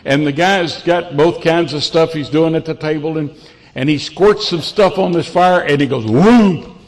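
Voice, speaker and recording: A man's voice: a little high, fairly even intonation, normal speed. An older man preaching from a church pulpit, telling folksy, self-deprecating stories with frequent restarts. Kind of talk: storytelling sermon.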